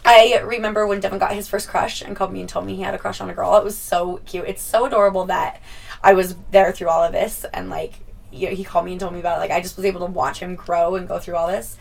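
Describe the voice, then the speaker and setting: Chatty, swearing young woman, gravelly and low. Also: fairly even intonation, fast talker, distant mic, low-quality recording. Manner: chatty, swears freely, laughs a lot. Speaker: vlogger. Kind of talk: casual storytime.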